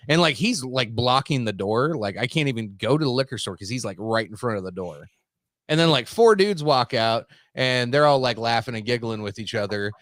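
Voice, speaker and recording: A man's voice: mid-range voice, lively intonation, brisk, fairly bright tone, no room sound, studio quality. A man hosting a podcast who tells a rambling, profane story in a casual way, full of fillers, and calls himself a simple country boy. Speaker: podcast host.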